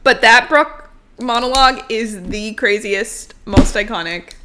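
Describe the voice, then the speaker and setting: Young woman, podcast co-host, casual recap chat, excitable, swears and laughs a lot, slightly high voice. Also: measured pace, noisy background. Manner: excitable, swears freely, laughs often, reenacts lines.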